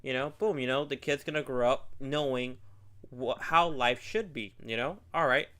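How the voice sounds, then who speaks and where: A man's voice: medium pitch, normal speed, a bit bright. A man hosting a podcast, making his points earnestly and filling gaps with "you know". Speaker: podcast host. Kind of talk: casual podcast chat.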